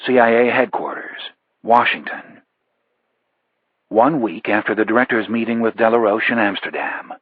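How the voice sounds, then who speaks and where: A man narrating a thriller audiobook in a measured, even delivery. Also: medium pitch, breathy edge, no room sound, narrow, tinny audio. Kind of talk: scripted narration.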